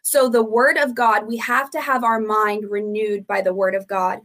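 A woman's voice: mid-range voice, steady tone, normal speed, fairly bright tone. A woman, a ministry founder guesting on a podcast, teaching earnestly and steadily, driving points home through repetition.

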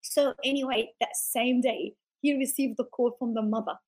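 A high-pitched woman speaks as a guest in an interview. She tells a faith testimony with fervent, preacher-like conviction and acts out the people she quotes. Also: steady tone, moderate pace, darkish tone, low-quality recording. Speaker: ministry founder, guest.

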